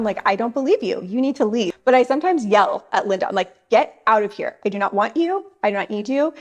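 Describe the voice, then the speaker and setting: A woman in her thirties sharing wellness tips straight to camera, earnest and chatty, speaking directly to her viewers. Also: mid-range voice. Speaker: self-help vlogger.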